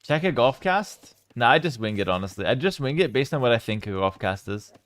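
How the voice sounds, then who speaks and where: A young man casting a strategy game live and chatting with his viewers, with sudden bursts of excitement. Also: medium pitch, fairly quick, no room sound. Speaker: game streamer and caster. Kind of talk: live game commentary with chat.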